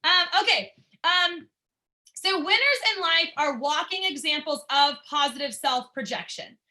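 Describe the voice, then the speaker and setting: A woman's voice: sits high, expressive, measured pace, pushed and bright. A young adult woman, a martial arts instructor, giving an upbeat, encouraging talk to her class and asking them questions.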